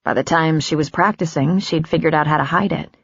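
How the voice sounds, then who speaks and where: A woman narrating an audiobook in a measured, even storytelling voice. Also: sits low, vocal fry, husky, no echo, highs cut off. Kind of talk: scripted narration.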